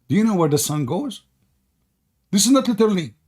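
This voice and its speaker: A man hosting a live debate call, mocking and sarcastic, laughing often and hoarse from talking for hours. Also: high-pitched, expressive, fairly quick, a little mellow. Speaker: debate stream host.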